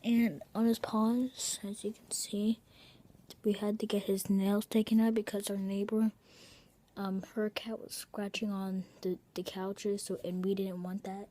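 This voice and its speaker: A woman chatting casually in a home video, showing her pet and rambling with breathy asides and self-corrections. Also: medium pitch, little pitch movement, unhurried, warm tone.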